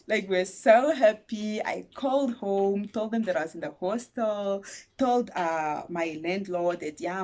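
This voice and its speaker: A young Namibian woman telling a story on her vlog, her voice swooping up and down as she talks. She is dramatic and animated, pitched right in the middle for a woman. It is casual, chatty storytelling straight to her viewers. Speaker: YouTuber.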